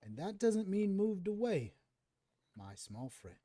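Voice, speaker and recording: A man voicing a huge Irish-accented monster leader who talks slowly and menacingly. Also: sits high, very animated, mellow, no room sound, pitched above the performer's own voice, full character voice. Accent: Irish (put on). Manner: slow, looming, menacing.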